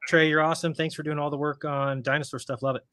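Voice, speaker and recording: A man's voice: fairly high pitch, flat delivery, fast, fairly bright tone, no room sound, clean studio sound. A man co-hosting a casual live stream, joking and teasing.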